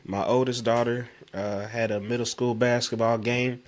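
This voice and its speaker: A man in his thirties co-hosting a podcast, hoarse from sinus trouble, chatting casually and telling animated, slangy stories. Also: mid-range voice, normal speed. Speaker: podcast co-host. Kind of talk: casual chat.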